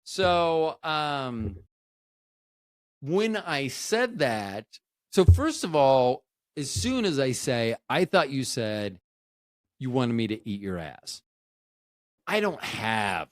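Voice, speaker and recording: A man's voice: medium pitch, big pitch swings, slow pace, pauses often, no room sound, studio quality. A man hosting a casual solo podcast, telling a rambling, jokey story and often cutting himself off to restart. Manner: rambling, jokey, self-interrupting with "anywho, anyhow, anyway". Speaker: podcast host.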